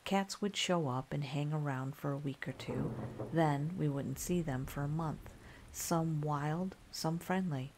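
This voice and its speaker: Female storyteller with a low, gravelly voice, reading a scary story in a calm, soft-spoken ASMR style. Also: unhurried, slight background noise.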